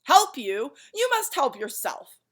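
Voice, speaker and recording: Gruff bossy watchdog guy, super loud, bright voice, a lady reading it out. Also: medium pitch, big pitch swings, normal speed. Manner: loud, gruff and impatient, barking out lines. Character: grumpy ticking watchdog, male dog with clock body.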